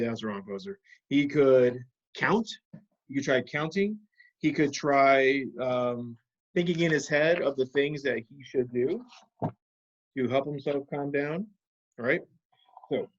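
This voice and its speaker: Patient teacher with a dull lo-fi sound. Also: male voice, medium pitch. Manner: patient, guiding questions to students. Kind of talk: classroom video lesson.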